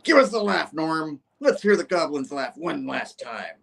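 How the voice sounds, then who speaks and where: A proud, menacing tycoon villain from a comic book, put on by a man. He speaks in a formal, lordly manner and pitches a little above his everyday voice, with lively swings in tone. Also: measured pace, creaky, heavily acted. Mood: taunting. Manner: formal, lordly delivery that flares into fury.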